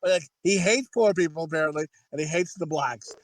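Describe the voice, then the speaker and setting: A man in his thirties, a podcast co-host whose voice is a little high, speaks a little fast. Chatting casually, he spins crude, rambling stories and acts out what people said.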